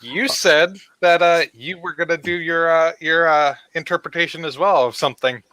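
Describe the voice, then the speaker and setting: A man's voice: fairly high pitch, fairly even intonation, moderate pace, pushed and bright, dry recording, rough recording. A man co-hosting a podcast in casual chat, teasing and prompting the others. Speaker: podcast co-host.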